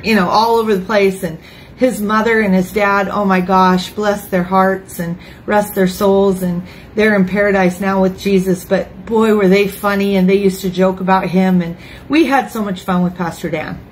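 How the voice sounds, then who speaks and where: A woman in her fifties, a grandmother, preaching an informal online sermon in a chatty, emotional way with lively asides. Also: medium pitch, moderate pace, a little hiss or hum, rough recording. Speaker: ministry speaker. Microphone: phone or webcam, online broadcast.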